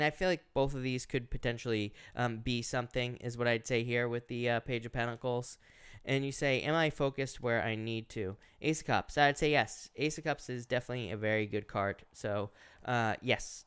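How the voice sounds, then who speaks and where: A man's voice: medium pitch, a bit bright, clear, resonant tone. A man doing a casual live-stream tarot reading, greeting viewers and reading out their questions in a chatty, filler-heavy way. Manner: casual, chatty, lots of filler "uh" and "is what I'd say". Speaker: tarot reader. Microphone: headset or earphones.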